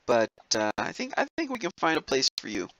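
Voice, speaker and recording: A man's voice: mid-range voice, huge pitch swings, brisk, creaky, fairly bright tone, no room sound, low-quality recording. A man from southern Alabama running a tabletop game as game master, chatty and often laughing, with many fillers. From southern Alabama, USA.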